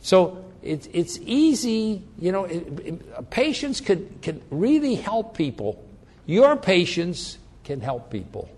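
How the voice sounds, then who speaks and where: A man preaching a sermon, telling the story with animated delivery and frequent restarts. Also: high voice, takes it slowly.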